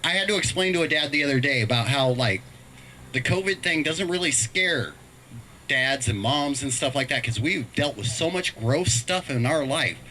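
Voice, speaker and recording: A man's voice: medium pitch, poor audio. A middle-aged man telling stand-up stories about his kids on a live stream, acting out voices as he goes. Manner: animated storytelling, acts out voices. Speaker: stand-up comedian.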